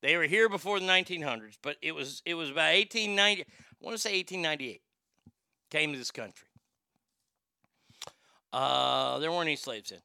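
A man's voice: a little high, lively intonation, a little fast, creaky, pauses often, pushed and bright, clean tone, no room sound, studio quality. A man hosting a livestream in a rambling, blunt, opinionated way while reading out chat comments. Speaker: show host.

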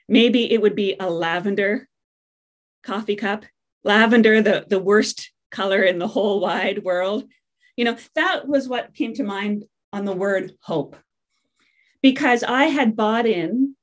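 A middle-aged woman preaches in a loose, conversational way. She jokes and slips in fillers and asides as she goes, the way a pastor sounds when talking to her own people. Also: medium pitch. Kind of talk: sermon.

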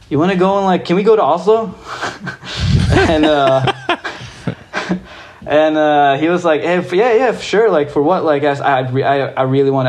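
A young Norwegian skateboarder, appearing as a guest, tells a story in a casual, excited way, swearing freely and using plenty of fillers. His voice sits at medium pitch.

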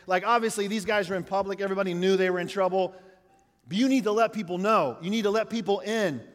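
A man's voice: high voice, fast. A middle-aged man, preaching a conversational sermon and asking the congregation questions. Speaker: pastor. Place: church hall. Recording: long hall reverb.

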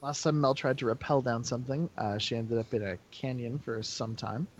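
A man's voice: mid-range voice, steady tone, moderate pace. A man playing in a tabletop role-play, thinking out his plans aloud with many hesitant fillers. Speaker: player.

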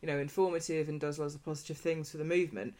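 A woman's voice: deep voice, racing. Chatty woman hosting a podcast. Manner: chatty, rambling, animated when retelling stories. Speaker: podcast host. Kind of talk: casual podcast chat.

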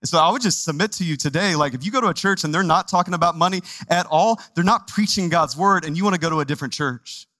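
A Texan pastor preaching a sermon in a loose, chatty way, often turning to the congregation with quick asides. His voice sits a bit high for a man and sounds dry and close, with little room echo. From Texas. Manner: conversational and animated, with asides to the congregation. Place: church sanctuary.

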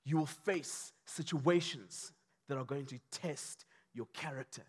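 A man preaching a sermon, passionate and repetitive, building to shouts. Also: mid-range voice, unhurried, breathy edge. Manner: impassioned, repetitive, rising to shouts. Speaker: pastor.

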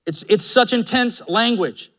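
A male pastor delivers a sermon in a high, bright voice. He preaches in an emphatic, conversational way and acts out quoted lines as he goes. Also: unhurried. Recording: live church sermon audio.

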